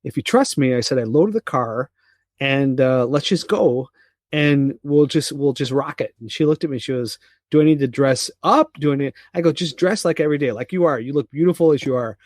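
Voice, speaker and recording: A middle-aged man co-hosts a parenting podcast and tells stories in a loose, rambling way, restarting his sentences often. His voice sits at a middling pitch. The sound is dry and close, with no room around it. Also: brisk, a little mellow, dry recording. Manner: rambling storyteller with many restarts and fillers. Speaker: podcast co-host. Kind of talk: casual chat.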